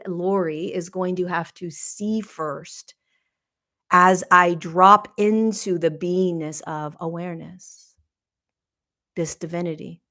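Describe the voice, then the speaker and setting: Middle-aged woman, podcast host, lower voice, halting spiritual musing, emotional. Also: sharp tone. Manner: slow, searching, halting and emotional. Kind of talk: reflective spiritual monologue.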